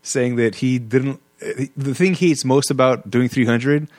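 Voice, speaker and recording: A man hosting a casual movie podcast, talking in halting bursts with many restarts and frequent laughs. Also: medium pitch, fairly even intonation, a little mellow, no echo, clean studio sound. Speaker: podcast host. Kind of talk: casual movie review chat.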